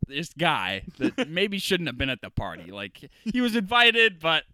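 A young man co-hosting a podcast, telling a party story in casual chat, swearing often and loudly acting out what others said. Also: a little high, unhurried, no room sound. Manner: animated storyteller, profane, acts out quotes loudly. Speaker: podcast co-host.

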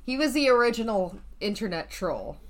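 A woman's voice: medium pitch, big pitch swings, normal speed. A woman co-hosting a podcast, chatting in an easygoing, playful way and laughing readily. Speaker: podcast co-host. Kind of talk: casual chat.

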